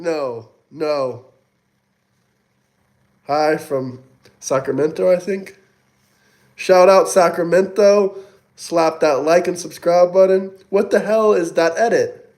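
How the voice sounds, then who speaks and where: A livestream host reads super chats out loud and taunts his commenters in a mocking way, coughing now and then and sounding sweaty. His voice is a little high and darkish, with a steady tone. He takes it slowly and pauses often.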